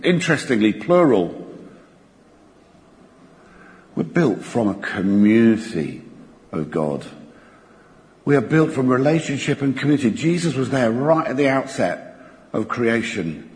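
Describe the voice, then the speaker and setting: Animated preacher man in a reverberant church. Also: mid-range voice. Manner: animated, expressive delivery with dramatic slowdowns. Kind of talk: sermon.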